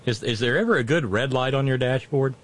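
A man's voice: mid-range voice, fairly quick. A man chatting casually as a co-host, sardonic and blunt. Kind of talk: casual chat.

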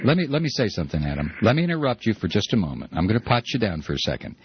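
A man's voice: fairly low pitch, big pitch swings, racing, breathy edge. A man hosting a call-in talk radio show, ranting in repeated build-ups. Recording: dull broadcast audio.

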